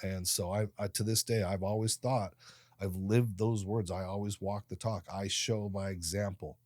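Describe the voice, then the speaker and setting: A man in his late fifties, a podcast guest who tells his life stories in an animated way and acts out the people in them. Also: lowish voice, moderate pace, no room sound, clean studio sound. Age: 50s. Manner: animated storyteller, voices other people in his anecdotes. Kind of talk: storytelling interview.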